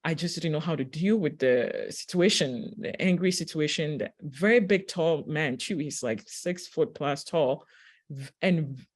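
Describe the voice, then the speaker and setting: A woman giving a reflective spiritual talk, telling a personal story in a gentle, unhurried way with pauses and fillers. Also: low voice. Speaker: spiritual teacher; registered nurse.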